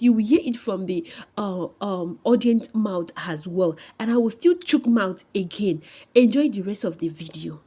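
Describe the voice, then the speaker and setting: A woman giving quick, insistent casual commentary as a vlogger. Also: mid-range voice, warm tone.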